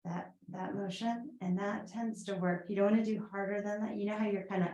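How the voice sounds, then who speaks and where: A woman's voice: medium pitch, steady tone, brisk, darkish tone, reverberant, highs cut off. A woman with a Boston accent teaching a guided yoga class, chatty, with rambling asides and fillers.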